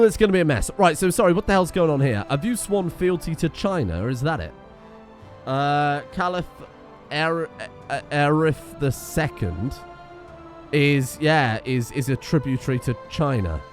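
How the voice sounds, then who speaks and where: A man's voice: medium pitch, darkish tone. A man casually commenting on his strategy game as he plays, chatty, swearing freely and often getting sidetracked. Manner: chatty, profane, easily sidetracked. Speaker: gaming streamer.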